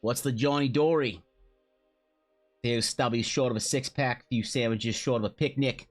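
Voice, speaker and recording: A man's voice: mid-range voice, steady tone, soft background music, voice pushed up, close to an everyday voice. A man putting on a mock Australian accent as a cheerful bloke drawing out slang phrases. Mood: hammy. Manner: hammy, drawn-out slang phrases.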